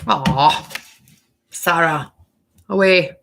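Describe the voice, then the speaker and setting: A woman's voice: lowish voice, extremely slow, gravelly, a bit bright. A woman hosting a spiritual workshop, chatting effusively through a casual live-stream Q&A and answering viewers by name.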